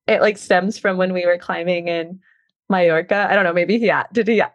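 A woman's voice: lowish voice, steady tone, brisk, no echo, lo-fi sound. A young woman, a professional climber, chatting in a casual podcast interview, laughing often and talking with many fillers.

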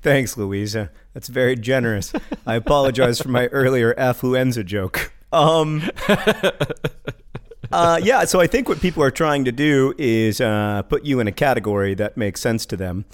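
A man's voice: medium pitch, moderate pace. Man co-hosting with dry, wry humor. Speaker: podcast co-host. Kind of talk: casual chat.

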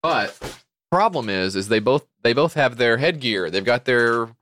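A man's voice: mid-range voice, unhurried, dry recording. Middle-aged guy rambling on a podcast, voice jumps all over, dry close mic. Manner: rambling, animated, jokey. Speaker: podcast co-host. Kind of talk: casual chat.

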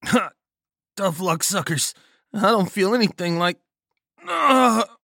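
A man voicing a foul-mouthed, joking young male soldier in a horror story, loud and full of swearing. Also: high voice, measured pace, no room sound, clean studio sound, pitched above the performer's own voice. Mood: mocking.

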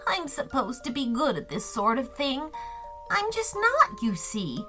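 A grumbling, self-doubting old witch, put on by a woman storyteller. She huffs in a bright, lively voice and takes her time, over soft music. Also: sits high, measured pace, pitched above the performer's own voice, heavily acted. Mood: sad. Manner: grumbling, huffy, then sad.

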